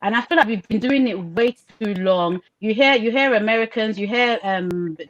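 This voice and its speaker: A woman's voice: on the high side, moderate pace. A woman from Nigeria living in Britain, speaking passionately and emphatically on a video call, repeating her points for stress. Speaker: podcast co-host. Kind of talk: casual discussion on a video call. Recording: slightly dull lo-fi call audio.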